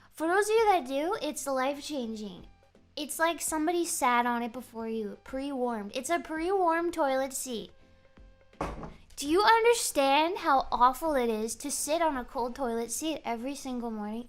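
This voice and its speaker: Woman VTuber, high and bouncy, rambling comic storyteller. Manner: animated, joking, rambling storyteller. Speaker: VTuber streamer. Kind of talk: casual chat stream.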